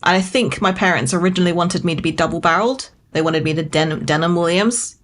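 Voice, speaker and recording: A woman's voice: fairly low pitch, fast talker, slight background noise. A British woman co-hosting a podcast in casual chat, giggly and playing with how words sound. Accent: British English. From Britain. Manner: giggly, animated, plays with word sounds. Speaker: podcast co-host.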